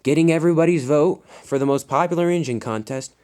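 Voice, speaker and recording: A man voicing an eager, boastful young male tank engine, talking in a halting way full of filler words. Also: fairly high pitch, a little mellow, voice pushed up, natural voice.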